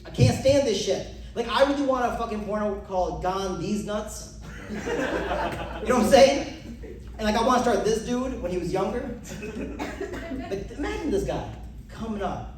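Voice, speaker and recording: A man's voice: animated, moderate pace. A brash young male comedian working the crowd, his voice leaping up and down as he performs bits. He is caught from a distance on a comedy club stage. The room rings with heavy echo. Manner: brash, loud, swings pitch for bits. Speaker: stand-up comedian. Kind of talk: stand-up crowd work. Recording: echoey club from far off.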